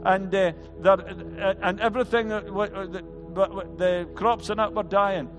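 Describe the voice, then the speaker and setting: A man's voice: sits high, steady tone, normal speed, long reverb tail. A male pastor preaching an earnest sermon, often stumbling and restarting his words. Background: band music.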